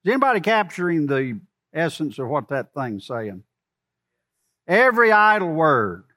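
A man preaching a sermon, swinging from loud emphatic lines to soft low asides and putting questions to the congregation. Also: big pitch swings, moderate pace. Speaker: pastor.

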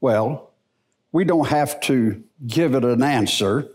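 A middle-aged man teaching the Bible in a church service, in a folksy, unhurried preaching manner. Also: mid-range voice. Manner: slow, animated, folksy preaching.

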